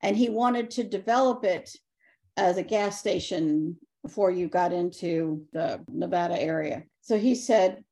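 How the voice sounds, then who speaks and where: An older woman, a podcast guest, telling spirit stories in a calm, matter-of-fact way and acting out the dialogue. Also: on the low side, a little slow. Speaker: guest, ghost-clearing spirit worker. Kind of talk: anecdotal storytelling in a podcast interview.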